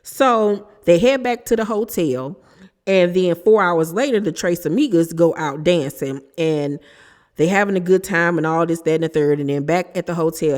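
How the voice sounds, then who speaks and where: A woman's voice: fairly low pitch, darkish tone, long reverb tail. A woman hosting a casual, opinionated recap of a reality show, talking in a chatty, emphatic way with sassy asides.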